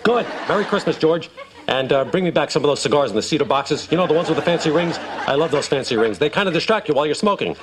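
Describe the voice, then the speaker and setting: A big, blustery old team owner, as a man puts him on in a sitcom clip. He barks orders in a high, rapid voice and rambles off into details. Clicking noise sits clearly under the TV recording. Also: expressive, close to an everyday voice. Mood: rambling. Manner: rambling, bossy, digressive. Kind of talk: sitcom acting.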